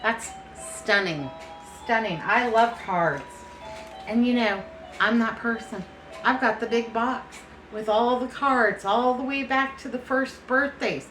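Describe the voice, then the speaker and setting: This middle-aged vlogger talks casually and warmly to the camera, calling folks honey and baby, though she sounds a little foggy and unsteady. Her voice sits on the high side, slow and fairly bright. Poor, reverberant audio picks up faint music in the background.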